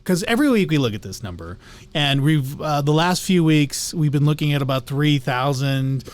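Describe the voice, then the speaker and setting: A man co-hosts a casual real estate talk, easygoing and halting as he works through listing figures. His voice sits a little higher than most men's. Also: animated. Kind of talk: casual market chat.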